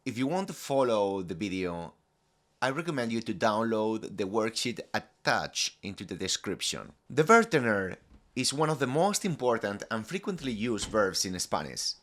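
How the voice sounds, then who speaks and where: Man, Spanish teacher, low pitch, animated delivery, scripted lesson, careful modelling of phrases. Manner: clear, deliberate modelling of phrases for repetition.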